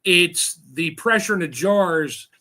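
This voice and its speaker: A man with a high, bright voice hosts a relaxed fireside chat. He tells his stories with laughter and acts out the sounds he describes. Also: slow. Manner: chatty storyteller, laughs often, acts out sounds. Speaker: host. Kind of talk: casual livestream chat.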